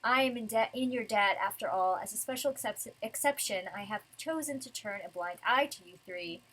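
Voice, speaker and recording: A woman reading the lines of a cold, formal female enemy soldier from a manga in a flat, measured tone. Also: medium pitch, slight background noise, natural voice, low-quality recording. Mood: cold resolve.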